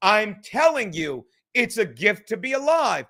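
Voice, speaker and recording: A man's voice: high-pitched, very animated, unhurried, pushed and bright. A man hosting a podcast livestream, ranting in a heated, rambling way and swearing constantly. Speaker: podcast host. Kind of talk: profane livestream rant.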